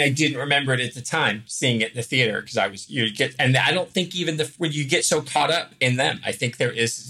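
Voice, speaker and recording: Male podcast co-host, casual film review chat, wry, teasing, bright, husky. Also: medium pitch. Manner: wry, teasing, stammers on restarts.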